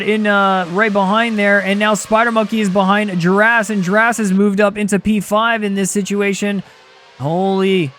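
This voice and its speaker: A young man commentating a sim racing league race live, excitable and quick to shout at close battles. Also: high-pitched, slight background noise.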